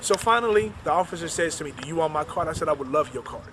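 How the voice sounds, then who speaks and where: A man, an author, recounting a personal story and retelling the dialogue in quick back-and-forth. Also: fairly high pitch, animated, background noise.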